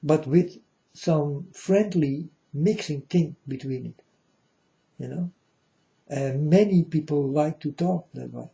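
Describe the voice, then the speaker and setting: A man talks in a slow, rambling monologue full of profanity, his English marked by non-native grammar. His voice is very dark and heavy with fry. The recording sounds dull and lo-fi. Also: a little high. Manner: rambling, profane, with frequent "you know". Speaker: self-styled spiritual speaker. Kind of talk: casual spoken monologue.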